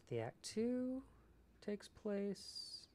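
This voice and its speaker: A man's voice: high-pitched, mellow, a little hiss or hum. A man streaming his screenwriting work in casual chat, reading out viewers' messages and answering them thoughtfully. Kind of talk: casual livestream chat while writing.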